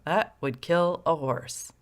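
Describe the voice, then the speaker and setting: A woman voicing an appalled male country doctor who mutters slowly and dryly to himself. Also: low-pitched, clean tone. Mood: muttering dismay. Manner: slow, muttering, dry.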